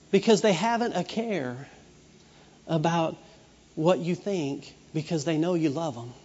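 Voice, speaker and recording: A middle-aged pastor preaches in a chatty, storytelling way and slips into children's voices. His voice sits high for a man. The recording is dull and carries a long hall echo. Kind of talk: sermon.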